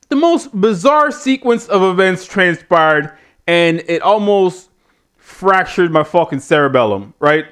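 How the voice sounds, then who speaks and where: A man's voice: sits high, animated, a little slow, fairly bright tone, smooth. A man hosting a casual review show who rambles sardonically and swears freely. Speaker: show host reviewing wrestling. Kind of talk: casual profane rant.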